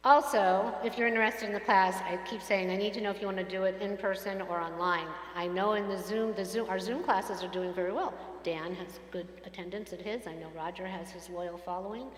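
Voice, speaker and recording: A woman's voice: medium pitch, steady tone, a little fast, hardly any pauses, soft background music. Older woman rabbi in an echoey sanctuary. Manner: warm storytelling, chatty asides. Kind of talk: sermon with congregational reading. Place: synagogue sanctuary. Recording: echoey hall with long reverb.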